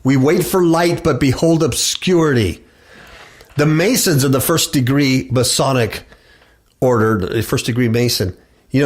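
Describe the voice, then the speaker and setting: A man preaching and reading scripture aloud, emphatic and repeating words for effect. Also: medium pitch. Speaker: preacher hosting a religious talk show.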